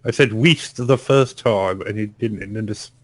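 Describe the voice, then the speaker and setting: A man with a fairly low voice banters through a casual podcast, swearing and laughing easily. He pushes back on the others in a playful way. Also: normal speed. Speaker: podcast co-host. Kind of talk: casual chat.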